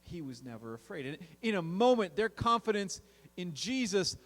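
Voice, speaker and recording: A man preaching a youth sermon, telling a story with big swings in pitch and volume. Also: sing-song, moderate pace, fairly bright tone, in a large hall, soft background music. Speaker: youth pastor.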